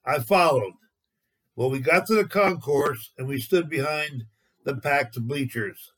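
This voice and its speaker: A man, a former lane man, narrating a personal anecdote in a steady retelling. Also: mid-range voice, a little slow, breathy edge, low-quality recording. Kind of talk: storytelling narration.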